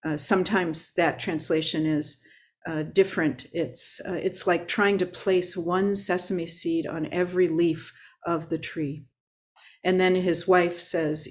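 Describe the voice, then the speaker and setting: A woman's voice: on the low side, flat delivery. Reflective woman giving a dharma talk. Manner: unhurried and reflective, with frequent filler pauses. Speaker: Zen teacher.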